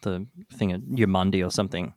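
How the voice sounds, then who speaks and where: A man's voice: sits low, a little fast, darkish tone, no echo, clean studio sound. A man co-hosting a comedy podcast, riffing playfully and asking curious questions. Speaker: podcast co-host. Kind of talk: casual comedic podcast banter.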